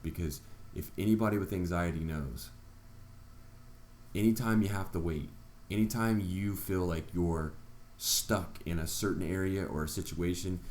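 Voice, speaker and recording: Deep-voiced man telling his story. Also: darkish tone, reverberant, a little hiss or hum. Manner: earnest, retelling events with quoted reactions. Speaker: vlogger. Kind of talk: personal storytelling vlog.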